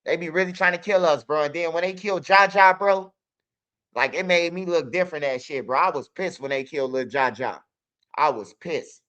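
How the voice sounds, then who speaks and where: A man's voice: on the high side, normal speed, sharp tone, highs cut off. Streetwise man telling stories. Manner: streetwise, loose, peppers talk with "bro" and "you hear me". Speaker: channel host. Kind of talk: casual storytelling monologue.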